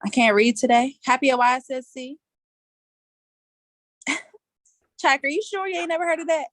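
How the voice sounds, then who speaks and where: A woman's voice: sits high, expressive, moderate pace, fairly bright tone, no room sound. A woman hosting a casual live online quiz, chatty and playful, laughing often and speaking in loose colloquial slang, talking over a video call from outdoors. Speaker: session host running a quiz.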